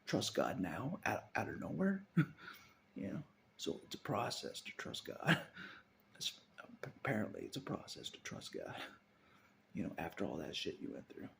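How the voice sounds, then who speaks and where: A man's voice: on the low side, huge pitch swings, normal speed, gravelly, pauses often, a bit bright, a little hiss or hum. A man vlogging in a casual, rambling monologue, chuckling often and trailing off into mutters.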